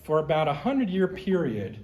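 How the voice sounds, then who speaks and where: A man's voice: a little high, sing-song, a little fast, darkish tone, echoey room, highs cut off. A man giving a conversational history lecture as a museum curator, explaining with slides and personal asides.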